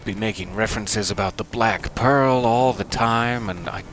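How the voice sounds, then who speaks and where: A man's voice: fairly low pitch, normal speed, background noise. A man giving casual, chatty commentary while playing a video game, thinking aloud and joking at himself. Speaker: let's play gamer.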